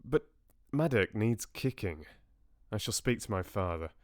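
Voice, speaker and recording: A man's voice: lowish voice, animated, measured pace, a little mellow, no echo, studio quality. A man voicing Richard, a young prince, clipped and indignant, while reading a novel aloud. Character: Richard, young prince, hot-tempered but loving.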